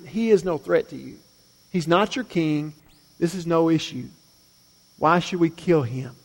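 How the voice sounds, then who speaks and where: A male pastor preaching a sermon. He swings between loud, emphatic lines and quiet, low asides. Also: in a large hall.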